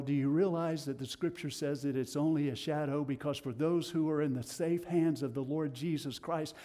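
This is a sermon from a middle-aged man with a Tennessee accent, who swings from loud pronouncements to soft, low moments.

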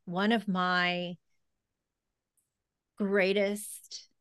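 A woman podcast host telling a heartfelt personal story in a halting, emotional way, close to tears. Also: fairly low pitch, fairly bright tone, no room sound. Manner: halting, emotional, many restarts and fillers.

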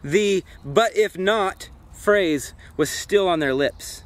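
A man's voice: fairly high pitch, expressive, slow, fairly bright tone. A man giving a devotional Bible study outdoors by a campfire, speaking earnestly and reflectively and putting direct questions to his listeners. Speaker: Bible teacher.

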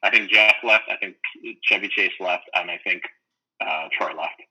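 A man's voice: fairly even intonation, normal speed, pushed and bright, breathy edge, low-quality recording. Casual young man podcast co-host. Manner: rambling, lots of "like" and "um", acts out quotes in high voices. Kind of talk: casual chat.

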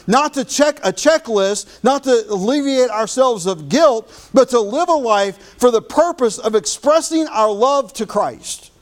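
A male pastor delivers a sermon in a high-pitched voice. He slows down to stress his key phrases. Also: animated.

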